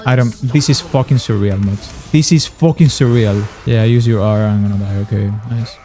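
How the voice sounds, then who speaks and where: A man's voice: medium pitch, fairly even intonation, moderate pace, mellow, faint music behind. A young man giving frustrated, sarcastic gameplay commentary, swearing often. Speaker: gaming YouTuber.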